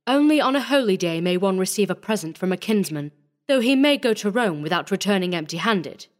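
A man's voice: very high voice, normal speed, voice pushed up. A man reading a story voices a cold, ironic young noblewoman with feigned innocence. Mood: aloof.

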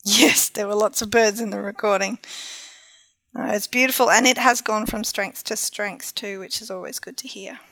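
A woman's voice: medium pitch, steady tone, moderate pace, pushed and bright, no echo. A woman co-hosting a podcast, chatting casually in a musing way. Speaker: podcast co-host. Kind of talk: casual chat.

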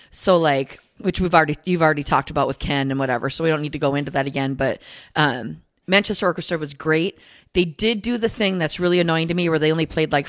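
A woman co-hosting a podcast from a studio, her voice sitting a little low. She chats loosely with plenty of fillers and grows animated when she rants. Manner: chatty, lots of "like" fillers, animated when ranting. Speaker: podcast co-host. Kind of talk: casual chat.

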